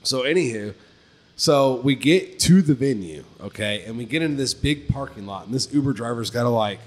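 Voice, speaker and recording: A man of middle pitch telling a story on a casual podcast, loose and profane. He keeps saying dude, and his voice jumps way up when he acts out his own panicked lines. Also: expressive, moderate pace. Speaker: podcast co-host.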